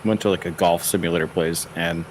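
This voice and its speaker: Deep-voiced man in casual chat. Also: steady tone, fairly quick, slight background noise.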